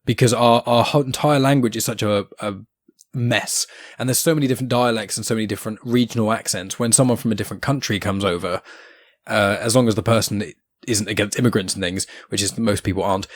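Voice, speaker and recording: A man with a southern English accent speaks in a low voice, thoughtful and a little hesitant as he works through his points. The recording is dry and close. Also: no echo. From southern England. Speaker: podcast host. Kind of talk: casual chat.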